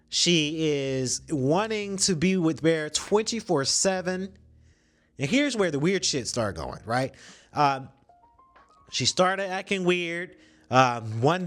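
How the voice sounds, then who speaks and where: A man hosting a podcast, casually retelling a movie plot in slangy, animated storytelling with some swearing. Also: high voice. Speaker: podcast host.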